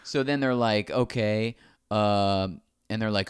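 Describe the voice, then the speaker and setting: Man, smooth clear voice, fairly low, casual storytelling, acts out quotes, dry close sound. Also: unhurried, no echo. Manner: animated, acts out quoted dialogue. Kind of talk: casual anecdote telling.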